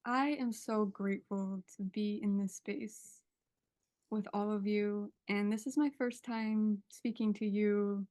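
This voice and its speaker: A woman guest on a video call sharing a heartfelt testimony, emotional and earnest, pausing as she searches for words. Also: medium pitch, fairly even intonation, a little mellow.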